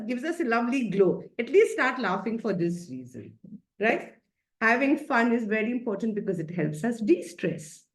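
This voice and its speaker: Lady coach on a video call, kinda high voice, playful and chatty, keeps laughing. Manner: chatty, playful, laughing often, coaxing listeners. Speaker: happiness coach. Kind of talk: live online self-care talk.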